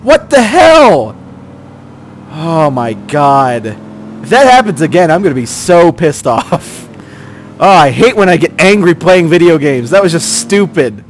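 A man giving gameplay commentary, exasperated and swearing, yelling at the characters on screen. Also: on the high side, very animated, unhurried, a little hiss or hum. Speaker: let's play host.

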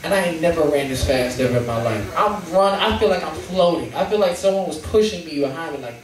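A young man with a St. doing profane, animated stand-up storytelling. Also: a little high, brisk, very echoey, distant mic. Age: young adult. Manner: animated, profane, acts out scenes. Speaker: stand-up comedian. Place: comedy stage in a live venue.

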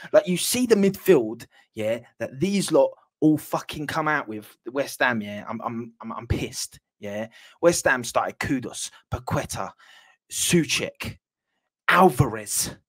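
A man giving an angry, sweary reaction after his team loses a football match. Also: mid-range voice. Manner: furious, swearing, repeats himself. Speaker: football fan channel host.

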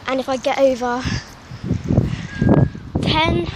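Breathless high-voiced young woman vlogging outdoors. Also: takes it slowly. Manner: rambling, chatty, many fillers. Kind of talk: casual vlog while walking a dog. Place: outdoors in a park. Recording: loud outdoor noise.

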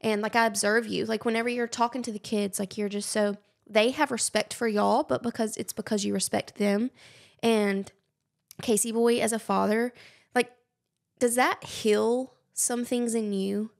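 A young woman, hosting a podcast in casual chat, gushing and animated. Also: on the high side, moderate pace, vocal fry. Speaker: podcast host.

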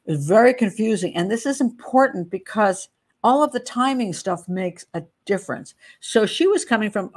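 A woman's voice: mid-range voice, lively intonation, moderate pace. Chatty woman host digressing mid case review. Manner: chatty and digressive, laughs at own asides. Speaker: true crime channel host. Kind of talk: casual case walkthrough, reading statements aloud.

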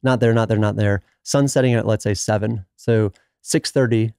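A man's voice: on the low side, moderate pace, vocal fry, clear, resonant tone, no echo, clean studio sound. A man, a podcast guest telling a long story in casual conversation and acting out the quoted dialogue. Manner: animated storyteller who acts out quoted dialogue.

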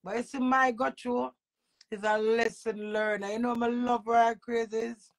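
In a flat, slightly slow, higher-pitched voice, a middle-aged woman with a Jamaican accent rants to the camera for her personal vlog. She is profane and forceful, punctuating things with abrupt loud bursts and laughter.

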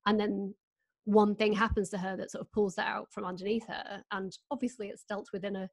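A woman in her thirties hosts a relaxed video call and speaks candidly about her own life. She laughs easily and tells her stories quickly. Her voice sits in a middle register and is recorded close, with no room echo. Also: mid-range voice, gravelly. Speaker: host. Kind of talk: casual video-call chat.

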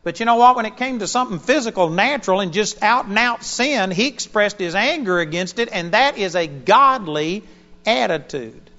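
A man preaching a sermon to a church congregation, telling stories with animated emphasis. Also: sits high, normal speed. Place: church auditorium during a live service. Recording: dull lo-fi sermon recording.

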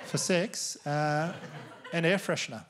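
A man's voice: on the high side, a little slow. A man with an Australian accent doing a stand-up comedy set, telling crude, conversational stories to a live crowd. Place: comedy venue stage. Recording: live venue with audience noise. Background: audience laughter.

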